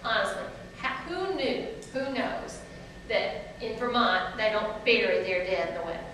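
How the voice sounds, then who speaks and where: Speaking at normal speed in a mid-range voice, a Southern US author in her forties tells chatty, laughing stories to a live crowd. She's animated and calls the audience "y'all." Expect an echoey room, a far-off mic and a noisy background.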